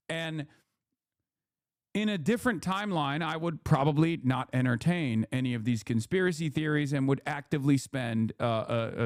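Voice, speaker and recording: A man's voice: on the high side, no room sound, clean studio sound. A man ranting sarcastically and with profanity as a political commentator on a casual livestream. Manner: heated, profane, sarcastic rant.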